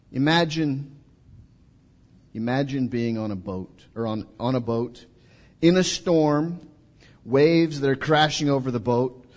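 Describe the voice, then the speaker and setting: Male preacher, storytelling sermon, animated pitch and dramatic hushes, echoey church hall. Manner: storytelling, acting out voices, dramatic drops to quiet. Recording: reverberant hall.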